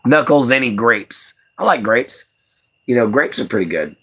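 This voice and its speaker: A man's voice: medium pitch, expressive, moderate pace, fairly bright tone, husky. A young man with a Southern US accent, chatting in a rambling, folksy way on a livestream and chuckling as he answers the chat. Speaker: livestream host.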